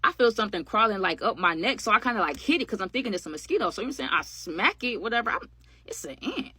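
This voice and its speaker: Brief: woman storytime vlogger, rapid-fire delivery, dry close sound, chatty and slangy. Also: mid-range voice, very animated, sharp tone, breathy edge, dry recording. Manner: chatty, slangy, addresses viewers as y'all. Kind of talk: casual storytime narration.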